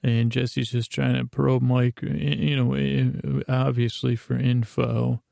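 A man hosts a sleepy bedtime podcast, drifting through a meandering recap full of hesitations and asides. His low, mellow voice is thick with gravelly fry and stays nearly monotone. The recording is close and dry. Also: dry recording. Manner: drowsy, unhurried. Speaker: podcast host.

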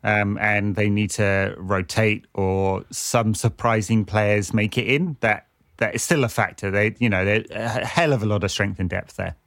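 A man co-hosting a casual football podcast, relaxed and easygoing. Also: fairly low pitch, normal speed, no room sound, clean studio sound. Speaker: podcast co-host.

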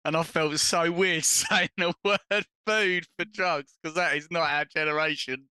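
A man co-hosting a live podcast in casual banter, animated and teasing, laughing often and swearing. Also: a little high, measured pace, clear, resonant tone, no echo. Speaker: podcast co-host.

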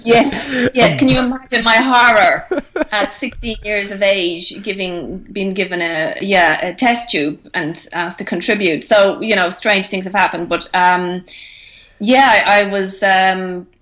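A middle-aged woman from Ireland with an Irish accent, a guest talking over her life in a relaxed, reflective way with many restarts. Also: mid-range voice, measured pace. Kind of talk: casual interview chat.

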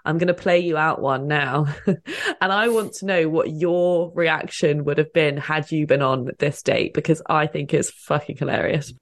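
A woman's voice: deep voice, fairly even intonation, normal speed. A woman hosting a podcast, chatting casually in a giggly, enthusiastic way. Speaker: podcast host. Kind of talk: casual chat.

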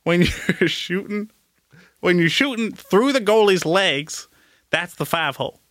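A man's voice: high voice, lively intonation, measured pace, a bit bright, no room sound, clean studio sound. An actor playing an evasive, apologetic hockey man visiting a small southern town, in an improv comedy podcast. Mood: sheepish. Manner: hesitant, chuckling, apologetic. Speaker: guest.

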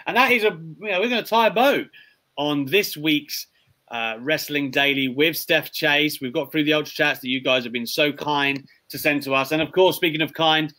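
A man's voice: fairly high pitch, normal speed, bright, forceful tone. A man hosting a casual wrestling podcast, chatting in a rambling way with frequent restarts. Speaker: podcast host.

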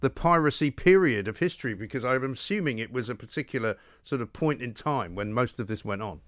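A man's voice: medium pitch, lively intonation, a little fast, no room sound. A man hosting a live radio talk show, chatty and affable, with frequent fillers. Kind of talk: live radio phone-in chat. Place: radio studio.

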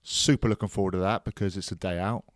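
Low-voiced man chatting about rugby. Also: steady tone, fast talker, no echo, studio quality. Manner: jokey banter, chatty rugby analysis. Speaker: rugby podcast co-host. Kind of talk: casual chat.

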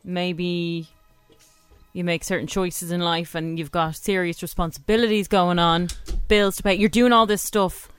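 A woman's voice: fairly low pitch, fairly even intonation, measured pace, clean tone, no echo, faint music behind. A woman, co-hosting a casual radio chat in a frank, easygoing way. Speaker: radio co-host.

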